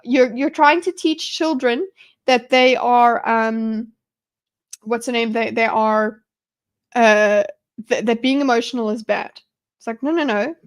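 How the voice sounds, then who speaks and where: A young woman with a high voice chats on her live stream. She rambles enthusiastically, circling back and restarting her sentences as she thinks aloud. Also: unhurried. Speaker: streamer hosting a live discussion. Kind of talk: casual live-stream commentary.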